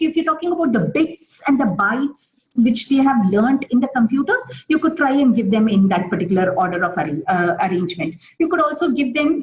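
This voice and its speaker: A middle-aged woman with an Indian English accent gives a live webinar for teachers, answering questions and explaining with many examples. Her voice is a little high, she often pauses on fillers and restarts, and the audio is dull.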